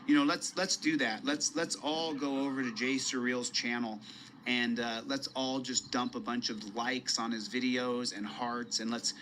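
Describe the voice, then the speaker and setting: A man rambles casually through a live stream at a mid pitch, circling back over his words and greeting viewers. There is a faint background noise behind him. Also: fairly even intonation, measured pace, fairly bright tone, poor audio. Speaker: livestreamer.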